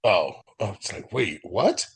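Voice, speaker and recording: An American man speaks in a husky, slightly low voice that swings widely in pitch. He chats casually and laughs often while telling stories, heard through a video call. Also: measured pace. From United States. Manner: laughs often, animated storytelling. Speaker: participant in an online group chat. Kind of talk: casual chat.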